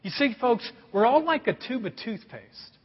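Middle-aged preacher guy, highish husky voice, chatty sermon stories, big echoey church sound. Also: expressive, normal speed, highs cut off. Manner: folksy storytelling, addresses congregation as folks. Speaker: pastor. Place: church sanctuary.

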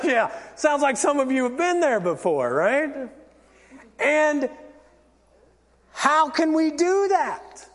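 Guy preaching a sermon in a church, really high voice, lots of long echo, acts stuff out. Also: takes it slowly, pauses often. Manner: animated, theatrical, acts out examples. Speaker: pastor. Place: church sanctuary.

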